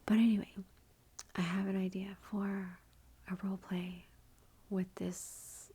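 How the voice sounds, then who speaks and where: A woman hosting an ASMR channel, chatting in a soft whisper about her gifts while feeling unwell, with a self-deprecating touch. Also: mid-range voice, little pitch movement, unhurried, husky. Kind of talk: whispered ASMR haul commentary.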